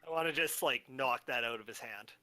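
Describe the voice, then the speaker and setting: A player at a tabletop game asks short, plain questions in a mid-pitched voice. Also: fairly quick, bright, forceful tone, no room sound.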